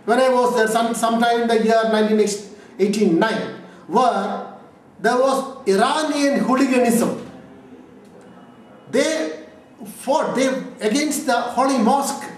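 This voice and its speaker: A man from India, a lawyer giving an interview, speaking emphatically with repeated lists and rhetorical questions. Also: very high voice. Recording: echoey room from far off, faint noise.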